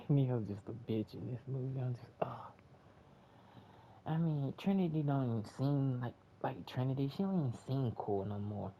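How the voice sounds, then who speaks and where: A man's voice: mid-range voice, normal speed. A man giving a profane, repetitive, exasperated casual movie review rant in a lo-fi home recording. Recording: dull lo-fi with faint hiss.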